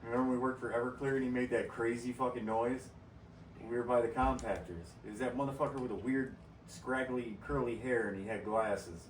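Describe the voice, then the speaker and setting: A young man co-hosting a podcast, trading crude, animated work stories in casual chat and laughing a lot. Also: medium pitch, brisk. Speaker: podcast co-host. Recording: echoey room, distant mic, faint noise.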